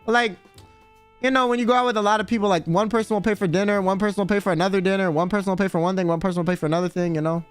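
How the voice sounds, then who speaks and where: A man's voice: sits high, fairly even intonation, rapid-fire, clean tone, soft background music. A man streaming, telling a story in a rambling, slangy way and swearing freely. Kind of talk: casual chat storytelling.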